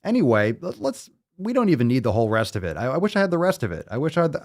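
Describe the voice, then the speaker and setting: A man hosts a fitness podcast in a casual, swearing, joking manner. He reads listener letters out loud and keeps cutting in with his own cracks. His pitch sits right in the middle for a man. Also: huge pitch swings, fast talker, few pauses, faint music behind. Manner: profane, joking, reads letters aloud with running asides. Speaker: podcast host. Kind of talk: casual chat reading listener messages.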